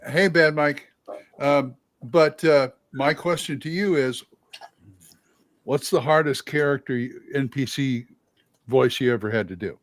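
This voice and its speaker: A man's voice: mid-range voice, measured pace, long pauses, dry recording. A man from California co-hosting a casual livestream chat, teasing his partner and asking questions. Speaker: podcast co-host.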